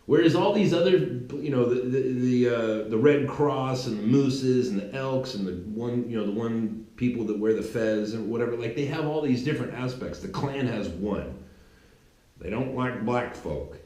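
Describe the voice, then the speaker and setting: A man's voice: mid-range voice, moderate pace, few pauses, dark tone. Rambling man in an echoey room. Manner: rambling, many restarts and filler words, mocking. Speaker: commentary channel host. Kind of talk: casual political commentary monologue.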